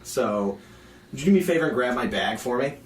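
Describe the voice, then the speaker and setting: A man's voice: medium pitch, expressive, brisk, distant mic. A man hosting a podcast in playful casual chat, steering the talk and restarting his words often. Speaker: podcast host. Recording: roomy, set back from the mic.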